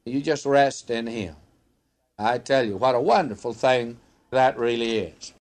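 A man's voice: medium pitch, measured pace. An older man, a radio Bible teacher answering a listener's question in an earnest, folksy pastoral manner.

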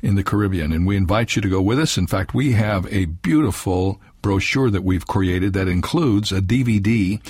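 A man hosting a radio program, talking in a relaxed, conversational way with an occasional filler as he closes the show. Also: low voice, normal speed, hardly any pauses, slightly rough, no room sound. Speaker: radio host. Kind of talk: radio program closing announcement. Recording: dry studio voice over soft music.

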